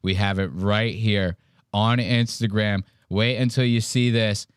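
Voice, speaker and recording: A man's voice: on the low side, steady tone, unhurried, clear, resonant tone, no echo, clean studio sound. A man hosting a podcast, mocking a video clip in casual profane chat. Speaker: podcast host.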